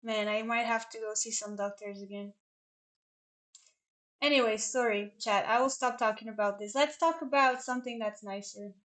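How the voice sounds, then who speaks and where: Young female chess streamer, fairly high voice, loose rambling chat with viewers. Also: steady tone, normal speed, a bit bright. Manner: chatty, rambling, answers chat questions. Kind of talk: casual live-stream chat.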